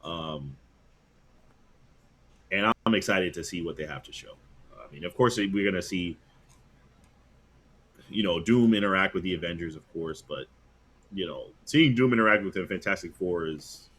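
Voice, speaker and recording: Man, husky, low voice, casual podcast chat, hesitant and rambling. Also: normal speed, long pauses, fairly bright tone. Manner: rambling, hesitant, many fillers and restarts. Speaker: podcast co-host.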